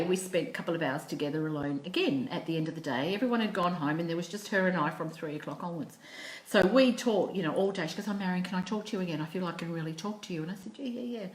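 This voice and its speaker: Casting note: middle-aged Australian woman, lower voice, storytelling monologue in an echoey room. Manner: animated storyteller who acts out quoted speech with repeated restarts. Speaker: psychic medium.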